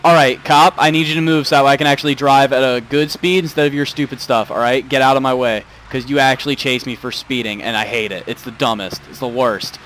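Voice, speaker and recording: A young man commentating a video game playthrough, muttering asides and breaking into loud swearing outbursts. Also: medium pitch, steady tone, brisk, hardly any pauses, slight background noise. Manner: swings between mumbled asides and loud angry outbursts, swears a lot. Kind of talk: let's play commentary.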